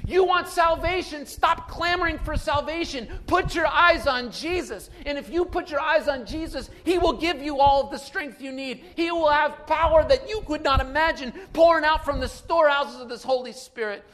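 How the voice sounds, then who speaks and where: A man preaching a sermon without notes, moving between quiet asides and loud emphatic calls. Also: extremely high pitch, normal speed, hardly any pauses. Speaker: pastor.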